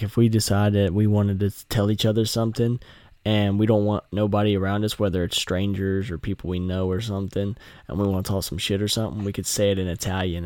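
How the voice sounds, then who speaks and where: A man's voice: on the low side, warm tone, dry recording. A man hosting a podcast, rambling and swearing in casual chat. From North Carolina. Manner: rambling, profane, joking. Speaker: podcast host.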